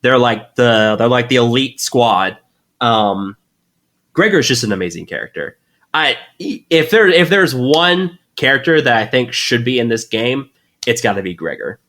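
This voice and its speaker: A man sitting in as co-host on a casual podcast, talking eagerly and rambling. He leans on fillers and restarts, and his voice sits at an average pitch for a man. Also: lively intonation, unhurried, a bit bright. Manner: enthusiastic, rambling, lots of fillers.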